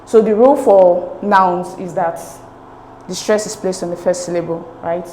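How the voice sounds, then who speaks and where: A woman's voice: lowish voice, fairly even intonation, normal speed, dark tone, reverberant, a little hiss or hum, poor audio. A woman tutoring an English exam lesson, explaining each answer step by step and checking in with "okay?" as she goes. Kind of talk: recorded exam-prep lesson.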